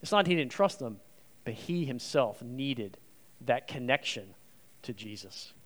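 A man's voice: mid-range voice, animated, unhurried, fairly bright tone. A man giving a conversational, emphatic sermon as a guest preacher in a church. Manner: earnest, emphatic, acts out quoted speech. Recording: long reverb of a large hall.

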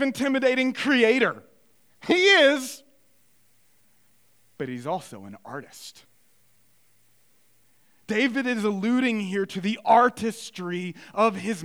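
A young adult man preaching a sermon, moving between quiet reflective passages and loud, emphatic bursts. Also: high voice. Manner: animated preaching, swinging from hushed to loud. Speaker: pastor.

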